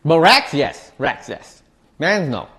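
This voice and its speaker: Laid-back slangy man, slightly high voice. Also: wildly swooping pitch, slow pace, a bit bright. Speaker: streamer. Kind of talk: casual chat while eating.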